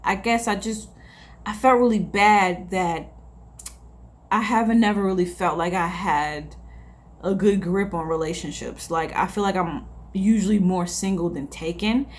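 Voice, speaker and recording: A woman's voice: fairly low pitch, a little slow. Candid young woman venting to camera. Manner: rambling, candid, repeats herself, sighs. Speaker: vlogger. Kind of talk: casual confessional chat to camera.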